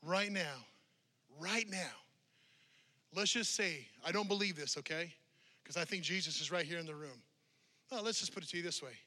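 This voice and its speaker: A man's voice: fairly high pitch, moderate pace, pauses often, pushed and bright. A male pastor preaching a sermon to a congregation in a church, driving his point home with strings of repeated rhetorical questions.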